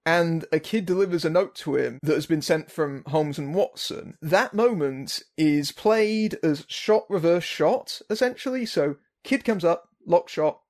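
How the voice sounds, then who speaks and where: A man's voice: fairly high pitch, unhurried, hardly any pauses, darkish tone. A man hosting a casual film discussion podcast, giving dry, wry critique of a movie's flaws. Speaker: podcast host.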